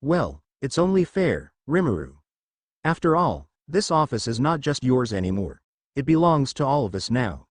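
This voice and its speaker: A man reading as a soft-spoken student president. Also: mid-range voice, big pitch swings, normal speed, dry recording. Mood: earnest. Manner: soft, sincere. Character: calm, earnest young woman, a student council president.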